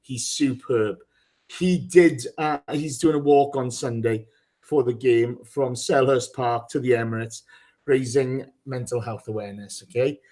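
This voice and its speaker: A man's voice: medium pitch, fairly even intonation, unhurried, mellow. A man hosting a live football podcast, teasing his co-hosts, swearing freely and reading out listener names. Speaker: podcast host. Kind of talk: casual live podcast chat.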